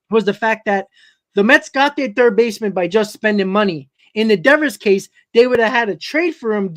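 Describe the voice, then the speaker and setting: A man with a New York accent hosting a live-stream sports talk show, rambling and often correcting himself as he answers his chat. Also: high-pitched. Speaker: host.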